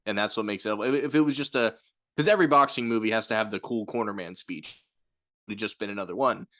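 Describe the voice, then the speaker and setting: Man, low voice, casual reflective film talk, long explanations. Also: fast talker, fairly bright tone. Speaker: film review podcast co-host. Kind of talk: casual chat.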